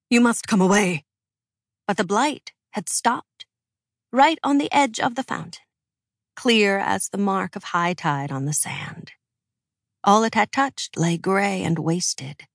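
A woman narrating a fantasy story in a measured, expressive audiobook style. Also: fairly low pitch, breathy edge, no room sound, clean studio sound.

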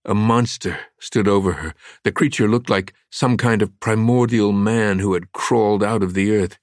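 A man narrating a thriller audiobook in a measured, dramatic way. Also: fairly low pitch, no echo, clean studio sound. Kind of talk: scripted narration.

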